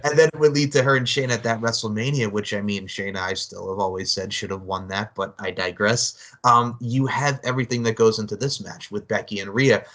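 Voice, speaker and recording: A man's voice: fairly low pitch, fairly even intonation, a little fast, few pauses, fairly bright tone. A man co-hosting a casual wrestling podcast, rambling and leaning on "I mean" as he talks. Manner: rambling, heavy use of "I mean". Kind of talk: casual wrestling news chat.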